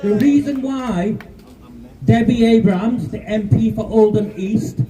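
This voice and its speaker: A man's voice: high voice, warm tone. A man, giving an angry, defiant speech at a street protest. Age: 50s. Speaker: rally speaker. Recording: distant outdoor mic.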